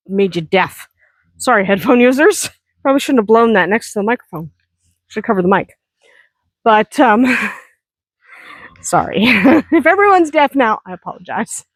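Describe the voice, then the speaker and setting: A woman's voice: on the high side, dry recording. Chatty woman vlogging from her farm. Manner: chatty, self-deprecating, laughs often. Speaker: vlogger, hobby farm owner. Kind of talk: casual vlog chat.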